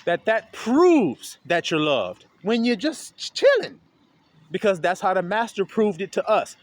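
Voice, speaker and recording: Walking among the trees with what sounds like a handheld phone, a street preacher records an informal sermon for his viewers. His high, animated voice rises and falls as he addresses them directly, building to a loud preaching pitch.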